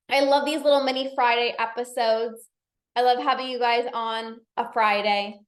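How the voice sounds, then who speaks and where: A woman's voice: a little high, normal speed, echoey room. A woman coach and podcast host giving an upbeat, chatty pep talk to her live audience. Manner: upbeat, chatty, encouraging, many "like"s and repeats.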